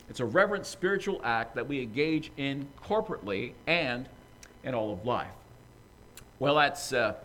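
A man preaching a sermon, teaching with emphatic, animated delivery. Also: medium pitch, low-quality recording. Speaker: pastor.

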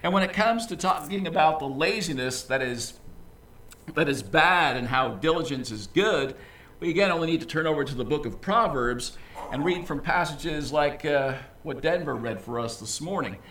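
Pastor, male, lively conversational sermon delivery, bright voice, heard from back in an echoey church. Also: on the high side, moderate pace, slight background noise. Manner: lively, conversational preaching with asides. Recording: echoey room, voice from a distance.

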